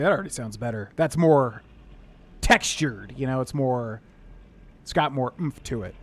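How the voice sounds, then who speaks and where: A man streaming a game, rambling candidly in casual chat and giving quick gameplay tips. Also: mid-range voice, lively intonation, no echo.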